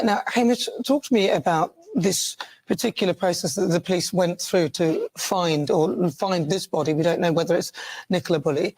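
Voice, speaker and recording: News presenter putting questions to a guest. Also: female voice, lowish voice, a little mellow, no room sound, low-quality recording. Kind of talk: broadcast news interview.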